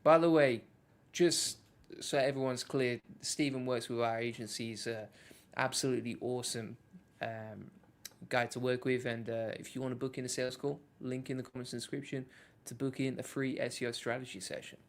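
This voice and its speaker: A man's voice: medium pitch, fairly even intonation, normal speed. A man hosting a casual live walkthrough of an app, talking loosely with lots of fillers and restarts. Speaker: host.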